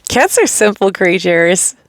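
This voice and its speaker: A woman's voice: medium pitch, very animated, measured pace, dry recording. A woman vlogger talking casually to the camera, rambling and repeating herself as she tells personal stories, often laughing. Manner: rambling, repetitive storytelling with frequent laughs. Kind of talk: casual personal vlog monologue.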